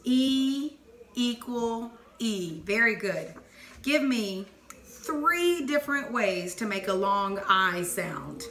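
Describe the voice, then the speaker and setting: A woman teacher leading a phonics dictation lesson, clearly sounding out letters and words and praising answers. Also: a little high, expressive, takes it slowly, fairly bright tone. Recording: echoey room with faint noise.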